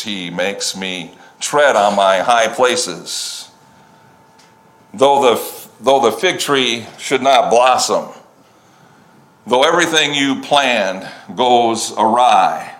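A man's voice: mid-range voice, fairly bright tone. A man preaching a sermon, reading scripture at length and breaking off into conversational asides. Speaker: pastor.

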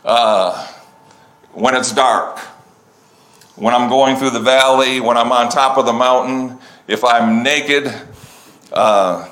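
Slow-speaking pastor preaching. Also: male voice, mid-range voice, a bit bright. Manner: unhurried scripture reading with conversational asides. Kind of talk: sermon.

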